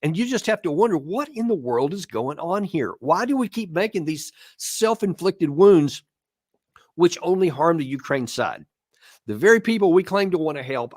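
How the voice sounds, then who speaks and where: A man hosts a political commentary show. His voice sits a little high and sounds dry and close. He speaks emphatically and often restarts words as he drives home an argument. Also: no echo. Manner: emphatic, repeats words when stressing a point. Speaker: host.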